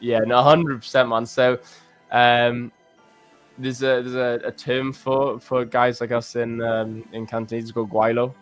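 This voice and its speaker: A young British man co-hosting a live trading stream in casual chat, animated and laughing often. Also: mid-range voice, measured pace, soft background music. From Britain.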